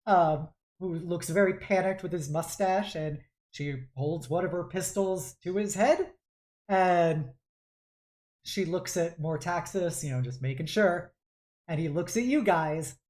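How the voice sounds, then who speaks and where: A woman's voice: fairly low pitch, slow, a little mellow. A woman game master narrating a tabletop game, laughing often between scenes.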